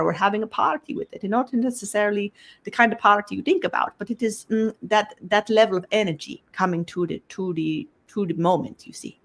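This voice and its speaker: A woman giving a channeled spiritual talk, speaking as a collective voice, halting and repeating words as she searches for them and closing nearly every phrase with the same tag question. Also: mid-range voice.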